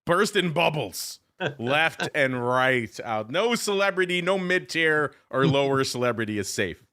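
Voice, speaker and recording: A man's voice: fairly high pitch, big pitch swings, measured pace, pushed and bright. A man hosting a casual podcast, teasing his co-host and reading listener questions. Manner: joking, teasing banter. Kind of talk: casual chat.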